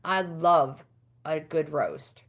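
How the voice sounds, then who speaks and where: A middle-aged American woman hosting a casual livestream, chatting with viewers and answering their comments. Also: very slow. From United States. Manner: chatty, talks back to comments, pitch swings up when animated. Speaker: livestream host.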